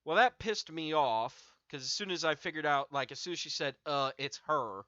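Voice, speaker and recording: A young man chats to his stream audience, swearing freely and piling up fillers as he drags out an anecdote over a cigarette. His voice is bright and tense, a touch high. The audio is dry and dull, like a cheap stream mic. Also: normal speed, few pauses, no room sound. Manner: profane, rambling anecdote with many fillers. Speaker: streamer host. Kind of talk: casual storytelling to chat.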